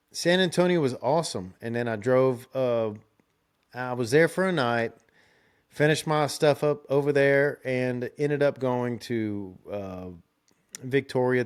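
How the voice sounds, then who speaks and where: A man's voice: medium pitch, clean tone. Young man, casual podcast host, loose rambling delivery with frequent laughs. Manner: rambling, laid-back, laughs often, restarts. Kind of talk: casual storytelling chat.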